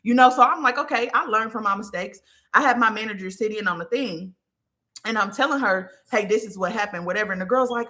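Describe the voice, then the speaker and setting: A woman in her thirties talks through a personal story in a loose, casual monologue. Her voice is bright and forward, and she swears freely and builds up animated tellings. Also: medium pitch, quick pace. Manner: candid, profane, animated storytelling. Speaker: podcast host.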